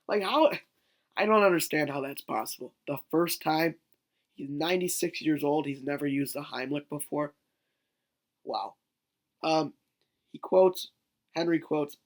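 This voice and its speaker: A man's voice: fairly high pitch, normal speed, long pauses. A man telling a story in a rambling, joking way on a casual vlog, swearing now and then. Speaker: vlogger.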